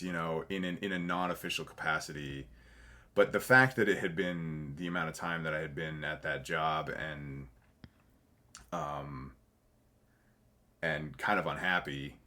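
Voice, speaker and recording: A man with a notably deep, low voice tells his story in an unscripted interview. He rambles, restarts his sentences and swears freely, often laughing as he speaks. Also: sharp tone. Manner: rambling, self-correcting, swears freely and laughs while telling stories. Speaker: podcast guest, actor. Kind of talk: candid conversational interview.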